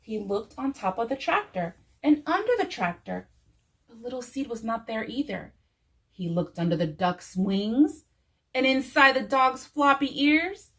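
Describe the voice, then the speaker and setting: A woman reading a children's story aloud in church, gentle and expressive, returning to a soothing refrain. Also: fairly high pitch, moderate pace, low-quality recording.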